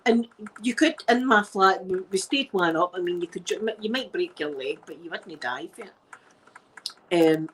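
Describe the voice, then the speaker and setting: A middle-aged woman with a Glaswegian Scottish accent, telling stories in a relaxed ASMR chat and dropping Scots words as she goes. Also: on the low side, normal speed, a little hiss or hum, low-quality recording. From Scotland. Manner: chatty anecdotal storyteller using Scots words. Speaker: ASMR creator.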